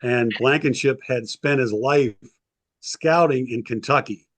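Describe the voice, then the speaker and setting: Guest historian, male, casual storyteller, filler-heavy, acts out quotes; average pitch, dead-dry recording. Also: a little slow, a bit bright, no room sound. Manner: rambling anecdotes with frequent ums, acts out quotes. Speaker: sports historian and author, guest.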